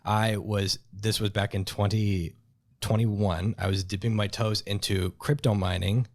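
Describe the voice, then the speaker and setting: A man's voice: fairly low pitch, flat delivery, a little slow. A man as a guest, sheepishly owning up to his money mistakes. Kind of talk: casual conversation.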